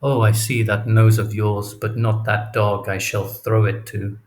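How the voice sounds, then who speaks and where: A man's voice: on the low side, level tone, measured pace, natural voice. A man doing a brooding, jealous general. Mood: bitter aside. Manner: bitter, muttering asides. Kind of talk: audiobook character reading.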